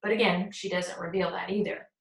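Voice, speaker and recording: A woman's voice: lowish voice, level tone, a little fast, gravelly. A woman teacher giving a conversational lecture, retelling a play and reading its lines plainly between explanations. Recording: echoey room.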